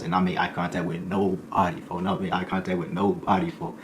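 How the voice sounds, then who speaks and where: Fast-talking deep-voiced man telling a story. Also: fairly even intonation, a little hiss or hum. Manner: fast slangy storytelling, acts out voices of others. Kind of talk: casual storytelling.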